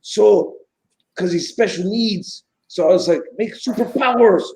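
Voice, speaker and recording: A man doing a halting, high-pitched older Mexican-accented guy. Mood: excited rambling. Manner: rambling, halting, excited. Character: impression of a gruff older male actor.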